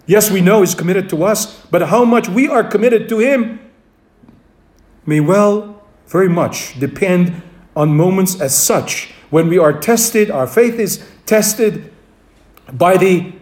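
A man preaching a sermon, emphatic, repeating key phrases and dropping to a quiet voice for weight. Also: high voice.

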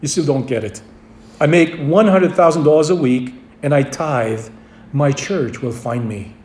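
A man voicing a calm, self-assured shipwrecked churchgoer in a joke told during a sermon. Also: high-pitched, normal speed, roomy sound, slight background noise. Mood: smug.

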